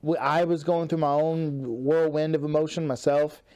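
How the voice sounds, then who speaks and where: A man's voice: on the high side, little pitch movement, moderate pace, darkish tone, smooth. A man giving casual commentary on an old match, rambling and restarting, laughing easily. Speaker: wrestling partner.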